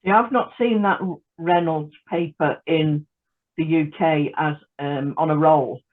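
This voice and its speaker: A woman's voice: deep voice, measured pace. Woman on a tinny call. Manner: hesitant, with many ums and restarts. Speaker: guest creator. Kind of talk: casual chat on a video call. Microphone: video call. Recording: tinny phone-like video call line.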